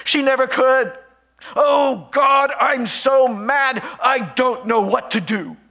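A man acting out a grieving middle-aged mother who breaks into anguished, shouted rage. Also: very high-pitched, takes it slowly, pitched above the performer's own voice, full character voice.

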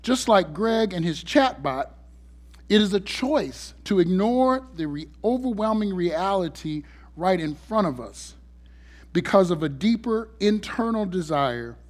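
A man's voice: high voice, animated, unhurried. Storytelling male pastor preaching. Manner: conversational, humorous storytelling. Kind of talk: sermon.

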